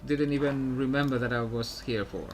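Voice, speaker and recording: A man's voice: medium pitch, normal speed, slight background noise. A man streaming a game, chatting casually and thinking aloud as he clicks through quests. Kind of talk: casual let's-play commentary.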